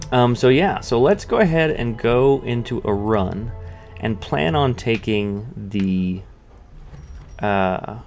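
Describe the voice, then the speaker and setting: A man giving casual let's-play commentary, thinking aloud with many restarts and fillers. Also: fairly low pitch. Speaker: gameplay commentator.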